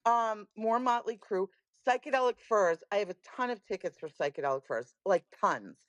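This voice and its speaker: A woman guest on a chat podcast, telling animated stories with lots of emphasis. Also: mid-range voice, moderate pace, dry recording, dull audio. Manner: lively storyteller, animated and emphatic. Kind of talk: casual chat.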